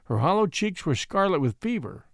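Male storybook narrator, expressive, measured, dry close recording. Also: high-pitched, creaky, no echo.

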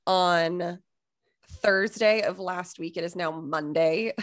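A young woman co-hosting a podcast, raspy and fried from covid, chatting and laughing over a video call. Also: lowish voice, takes it slowly. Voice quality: vocal fry. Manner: chatty, laughs often, storytelling. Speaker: podcast co-host. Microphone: desktop USB mic on a video call.

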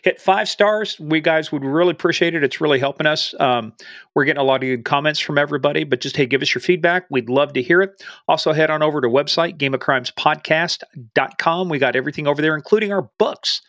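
A man's voice: a little high, fast talker, fairly bright tone, no room sound. Playful male podcast host, dry sound. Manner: playful, jokey, drops in Spanish phrases. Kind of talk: casual podcast chat.

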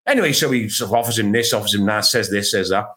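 A man on a football panel in casual chat, telling anecdotes in an animated way and restarting his words often. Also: on the low side, fast. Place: at home, remote.

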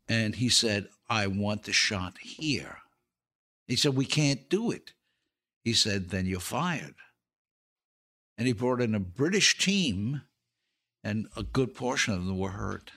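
A man's voice: on the low side, fairly bright tone, breathy edge. An older man, an actor and comedian, telling show-business stories as a podcast guest, laughing through his punchlines. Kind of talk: casual anecdote telling.

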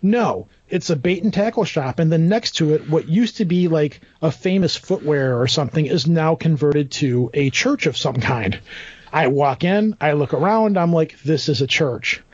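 A man's voice: fairly high pitch, moderate pace, dry recording, muffled recording. A man telling a long rambling anecdote in casual talk, acting out what people said. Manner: rambling, animated anecdote with quoted asides. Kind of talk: casual storytelling.

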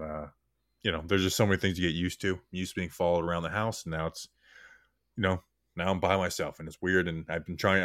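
Low-voiced man hosting a podcast. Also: fairly bright tone, no room sound, clean studio sound. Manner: candid, subdued and heartfelt. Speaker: podcast host. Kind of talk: casual podcast chat.

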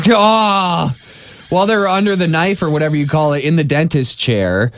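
A man's voice: fairly high pitch, animated, slight background noise. A man co-hosting a radio show, telling a news story in a casual joking way. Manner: jokey, drawn-out storytelling.

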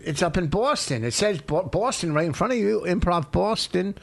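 A man's voice: high-pitched, expressive, normal speed, vocal fry. A middle-aged man co-hosting a show, teasing and nitpicking in sarcastic casual banter. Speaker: co-host reacting to a comedy clip.

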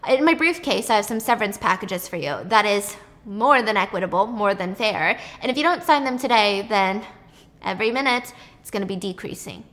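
A woman's voice: medium pitch, lively intonation, brisk, fairly bright tone, lightly acted. A woman voicing an irritable, arrogant rich businessman who speaks in a curt, indignant way. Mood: smug.

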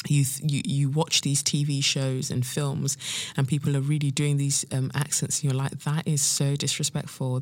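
A woman's voice: extremely low pitch, a little mellow, no room sound. A woman hosting a podcast in a casual solo chat, slangy and self-hyping, full of fillers. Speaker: podcast host.

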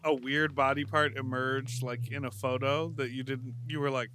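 A man's voice: medium pitch, fairly even intonation, normal speed, few pauses, bright, forceful tone. A man chatting casually on a podcast, asking rambling questions in an easygoing way. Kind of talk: casual chat.

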